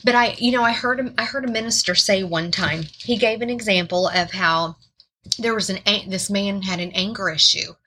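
A woman's voice: mid-range voice, moderate pace, pushed and bright, a little hiss or hum. A woman giving an informal sermon, earnest and repeating words for emphasis. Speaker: Bible teacher.

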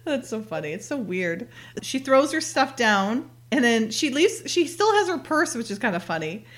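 A woman's voice: fairly high pitch, big pitch swings, moderate pace. A woman in casual talk, retelling a TV episode scene by scene, laughing often and quoting the characters as she goes. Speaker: podcast co-host.

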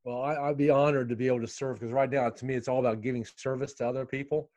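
Fast-talking man, dry close sound. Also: mid-range voice, steady tone, darkish tone, no room sound. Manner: repeats and restarts words, earnest. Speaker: podcast guest. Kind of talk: conversational interview.

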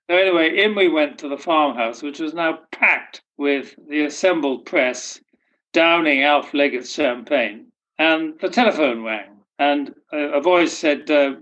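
A man's voice: on the high side, unhurried, a bit bright, muffled recording. Older Englishman with dry humor. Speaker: interviewee. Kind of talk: storytelling anecdotes.

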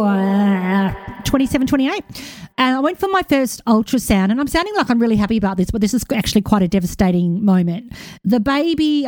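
A woman's voice: a little high, darkish tone, no echo, studio quality. An Australian woman in her forties hosting a podcast, talking in a rambling, emotional, self-correcting way, a bit hyper after a walk. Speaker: podcast host. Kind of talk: casual monologue.

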